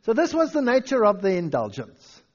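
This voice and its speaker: A man giving a lively history lecture, telling stories and reading old quotations aloud with dramatic flair. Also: high-pitched, normal speed, highs cut off.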